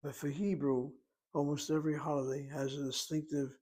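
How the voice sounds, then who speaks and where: A man teaching a language lesson, speaking slowly and deliberately and spelling words out letter by letter. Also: on the high side, flat delivery, darkish tone, rough recording. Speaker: Hebrew teacher. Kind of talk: lecture.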